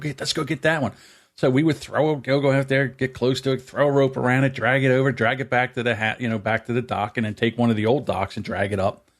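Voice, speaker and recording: A man in mid-pitch, co-hosting a casual podcast and telling family stories with lots of energy. When he quotes someone, his voice jumps up sharply and then drops back to an easy, chatty tone. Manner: animated, acts out quotes in a raised voice. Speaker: podcast co-host. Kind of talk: casual storytelling chat.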